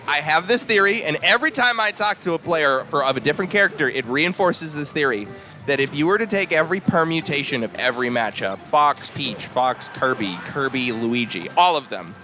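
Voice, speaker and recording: Man, bright animated voice, play-by-play commentator, faint music behind. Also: fairly high pitch. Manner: chatty, laughing, theorizing. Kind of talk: live esports commentary.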